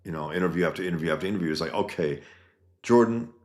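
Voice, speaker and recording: Reading out internet comments and offering casual commentary, a man with a very deep, low voice sounds blunt and heated, swearing often. His delivery races along with a darkish tone.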